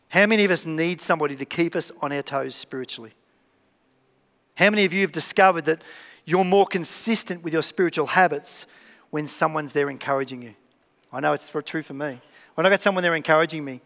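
A man with a fairly high voice preaches in a church hall, where a long reverb trails after each phrase. He talks conversationally, acting out short exchanges and repeating his key lines. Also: expressive, fairly quick, fairly bright tone. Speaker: pastor. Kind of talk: sermon.

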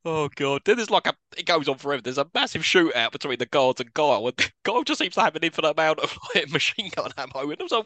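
Bright-voiced man recapping a film. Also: a little high, lively intonation, fast talker, no echo. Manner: laughs often, recaps scenes with mock quotes. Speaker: podcast co-host. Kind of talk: casual film review chat.

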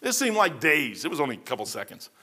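A man's voice: a little high, wildly swooping pitch, fast talker, bright, forceful tone, breathy edge. A middle-aged man, a pastor, giving a verse-by-verse sermon in a folksy, conversational way with personal stories.

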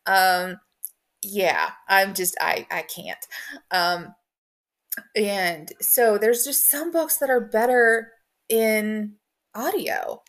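A woman's voice: medium pitch, extremely slow, a bit bright. A woman hosting a podcast, chatting casually in a rambling way with many fillers. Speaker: podcast host. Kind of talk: casual conversation.

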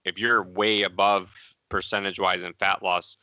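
A man with a gravelly voice, giving firm, direct coaching advice on a podcast. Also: low-pitched, level tone, moderate pace, bright, forceful tone, no echo, rough recording. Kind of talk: casual podcast chat.

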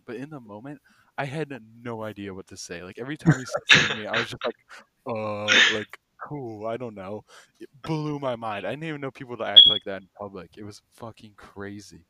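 A man's voice: on the low side, fast, over a noisy crowd. A young man telling a funny work story in a casual podcast chat, laughing and acting out other people's lines. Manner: animated storyteller who acts out quotes, laughs a lot. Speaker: podcast co-host.

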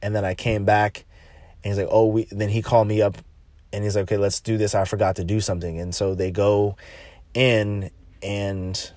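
A man's voice: on the low side, darkish tone, dry recording. A young man who works at a jail, telling a rambling story in casual chat, swearing and restarting often.

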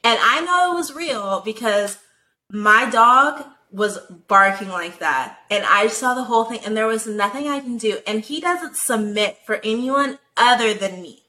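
A young woman telling a personal story in casual chat, animated and profane, full of "like" fillers. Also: a little high, rough recording.

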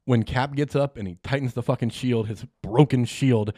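A young man co-hosting a podcast, chatting casually about a movie, excitable and emotional, swearing freely and laughing often. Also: mid-range voice, normal speed, no room sound, studio quality. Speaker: podcast co-host. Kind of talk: casual movie review chat.

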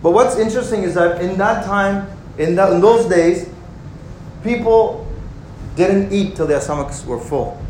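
Brief: high-pitched young male pastor, lively and joking, echoey church hall. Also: a little slow, a little hiss or hum. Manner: animated, conversational, joking. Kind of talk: sermon. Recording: roomy hall with faint ambience.

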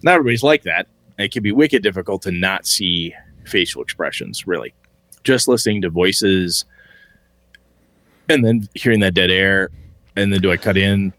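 Man, podcast host, low voice, dry sound, candid, cursing, chuckling. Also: normal speed, pauses often, fairly bright tone, dry recording. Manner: candid, swears freely, laughs often. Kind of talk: casual podcast chat about tabletop gaming.

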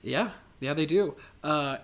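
A man co-hosting a casual comedy podcast, running a quiz game, talking hesitantly with many restarts and letting his sentences trail off quietly. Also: on the high side, takes it slowly. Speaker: podcast co-host and quiz presenter.

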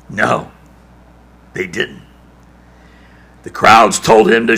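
A male preacher giving a dramatic sermon, building to shouts and dropping to near-whispers. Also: mid-range voice, slow, vocal fry, pauses often.

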